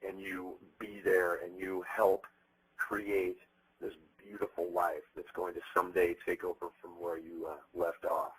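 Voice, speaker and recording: Deep, bright-toned man swearing freely. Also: a little slow, breathy edge, low-quality recording. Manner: blunt, profane, animated storytelling. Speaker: interviewed musician. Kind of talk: candid interview talk.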